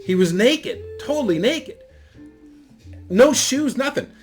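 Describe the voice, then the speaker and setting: A man's voice: very high voice, animated, slow, soft background music. A middle-aged man telling a story in a casual monologue, rambling and profane, with lots of fillers. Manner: rambling, profane, laid-back delivery with frequent fillers. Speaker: YouTube storyteller.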